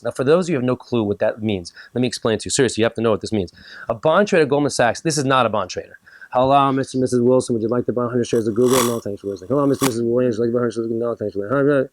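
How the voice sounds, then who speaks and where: A man's voice: medium pitch, no room sound. A man, a rabbi, giving a humorous lecture to a live audience, joking and acting out little dialogues.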